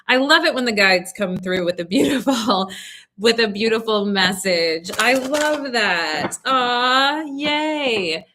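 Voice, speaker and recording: A young woman with a bright, clear voice reads tarot cards live for her viewers. She talks in a soothing, reassuring way and keeps checking in with them as she goes. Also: fairly low pitch. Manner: soothing, reassuring, lots of "okay?" check-ins. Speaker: tarot reader. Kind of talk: live-stream tarot reading.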